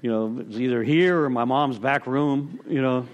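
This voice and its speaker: A man's voice: mid-range voice, normal speed, lo-fi sound. A middle-aged man sharing his personal story with a recovery group, rambling and interrupting himself, chuckling at his own tale. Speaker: speaker sharing at a recovery meeting.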